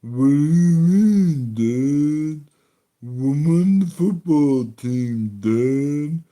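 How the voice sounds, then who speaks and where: A man voicing a dazed teenage football player with a slow, high, dopey whine. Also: expressive, mellow.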